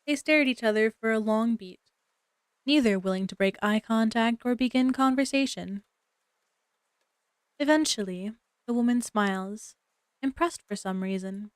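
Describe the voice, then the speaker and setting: A woman streamer reading a story game aloud, with animated, chatty asides to her viewers. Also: on the high side, moderate pace, long pauses, clean tone, no echo, clean studio sound. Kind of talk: reading a visual novel aloud to chat.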